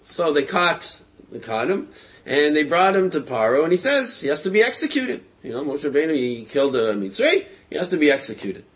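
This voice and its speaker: A man telling a religious story in a casual, lively way, with frequent hesitations, fillers and chuckles. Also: on the high side, a little fast.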